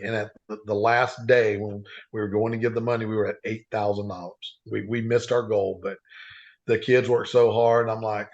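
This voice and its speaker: A man's voice: on the low side, level tone, moderate pace. A man telling earnest stories as a podcast guest, rambling with frequent restarts. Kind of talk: casual storytelling. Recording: dull lo-fi sound.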